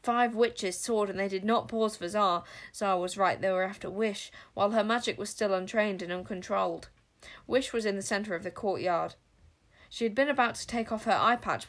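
A woman narrating a storybook with an expressive, dramatic delivery. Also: mid-range voice. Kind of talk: storybook reading.

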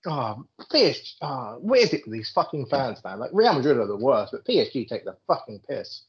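A man's voice: medium pitch, sing-song, brisk. A British man co-hosting a podcast, chatting about football with lots of laughter and swearing. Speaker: podcast co-host. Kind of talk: casual chat about football. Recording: dull lo-fi recording.

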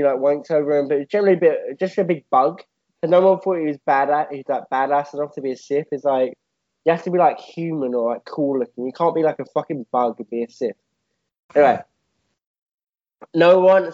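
A man's voice: on the high side, dark tone. Rambling young man, lo-fi. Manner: rambling, full of "like". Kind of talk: casual comedic podcast chat. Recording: dull lo-fi audio.

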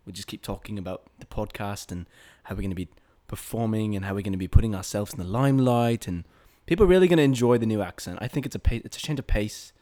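Give me a man putting on a playful fake British accent, lowish and mock-confident. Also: quick pace, dark tone, natural voice. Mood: mock-serious. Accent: put-on British. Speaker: podcast co-host. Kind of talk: casual chat.

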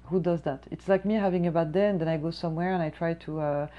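A lower-voiced woman server ranting through a casual storytime, swearing freely and getting heated. She talks fast in bursts. The recording sounds dull and lo-fi. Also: fairly even intonation. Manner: profane, heated, fast-talking. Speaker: restaurant server.

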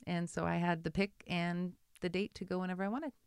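A woman hairstylist telling her story in a casual interview, animated and acting out what people said. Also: on the low side, fairly quick, clean tone, no room sound, clean studio sound. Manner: animated, acts out quotes, laughs often. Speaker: guest, hairstylist.

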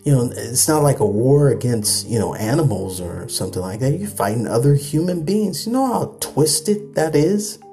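A man's voice: medium pitch, very animated, normal speed, few pauses, dark tone, soft background music. A man hosting a late-night podcast, ranting in a loose, repetitive way and laughing at himself. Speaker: podcast host.

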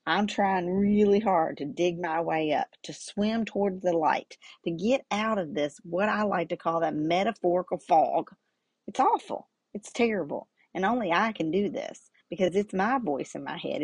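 A middle-aged woman tells a personal story on her own podcast, earnest and lively as she weaves in her faith. Her voice sits fairly low and comes across husky, recorded close and dry with no room sound. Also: dry recording. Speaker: podcast host.

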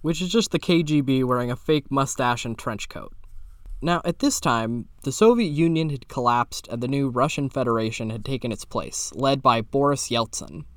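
Young guy podcasting, sarcastic and a bit sweary, mid-pitched voice, dry close sound. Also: moderate pace, dry recording. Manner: irreverent, sarcastic, swears casually; animated pitch jumps for emphasis. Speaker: podcast host. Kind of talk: improvised casual storytelling.

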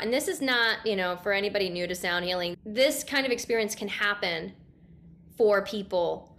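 A woman in her thirties tells a personal story in a relaxed interview. She is animated, laughs often and acts out her own remarks from back then. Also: mid-range voice. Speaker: guest, sound healing practitioner.

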